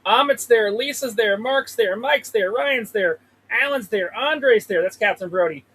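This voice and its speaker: A man's voice: sits high, unhurried, a bit bright, breathy edge, low-quality recording. A man hosting a casual live trading stream from a trailer, rambling and swearing as he talks to the chart. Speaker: livestream host trading stocks. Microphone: desk mic with pop filter.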